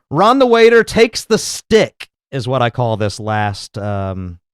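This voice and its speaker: Sarcastic podcast host, smooth and dry. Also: male voice, medium pitch, no room sound. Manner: sarcastic, mocking. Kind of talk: casual commentary podcast. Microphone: studio mic. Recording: dry close-mic sound.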